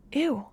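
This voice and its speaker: A young woman reading online posts aloud and reacting to them with disgust and laughter in casual commentary. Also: darkish tone.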